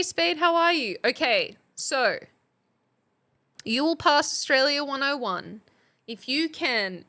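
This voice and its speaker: A young woman streamer with a high voice that swoops widely, talking at an unhurried pace. She laughs often and bursts into excited exclamations while hosting a playful mock class. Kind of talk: casual live-stream chat.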